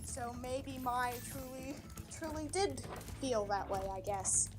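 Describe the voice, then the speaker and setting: A woman with a high voice chats casually on a livestream, animated and rambling. She swears freely, and soft game music plays underneath. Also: slow pace. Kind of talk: casual chat while streaming a game. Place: home streaming setup.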